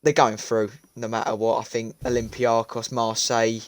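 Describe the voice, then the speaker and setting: A man's voice: mid-range voice, level tone, normal speed, no room sound. A man chatting casually about a football game, agreeable and moving the talk along. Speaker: podcast co-host.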